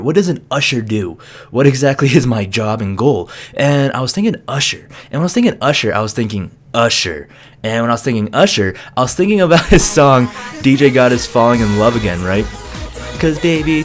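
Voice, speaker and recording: A young man, a college student, casually telling a funny story to camera, laughing and acting out voices. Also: medium pitch. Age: young adult. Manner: animated, laughing, acts out voices. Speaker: vlogger.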